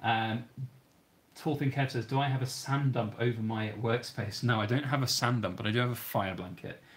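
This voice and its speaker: A man's voice: mid-range voice, normal speed. A man with a British accent hosting a livestream, reading viewer questions aloud and answering in an easygoing, conversational way. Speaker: channel host.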